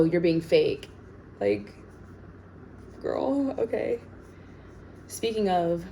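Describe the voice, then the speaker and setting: Her voice warm but tired, lower and sleepy, a woman actor bakes at home and talks casually. She's sassy and leans on "like" as filler, and the recording is low quality with a slight hiss or hum.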